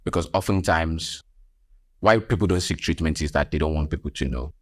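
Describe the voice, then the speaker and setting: A man's voice: extremely low pitch, brisk, no room sound, studio quality. A man with a Nigerian accent hosting a health podcast as a nurse, talking emphatically with teasing asides.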